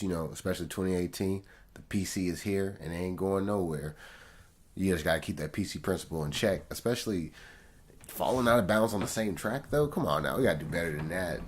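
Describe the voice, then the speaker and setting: In a deep, fairly quick voice, a man offers relaxed, slangy commentary on an album track by track, speaking straight to viewers. There's faint music in the background and a little hiss or hum.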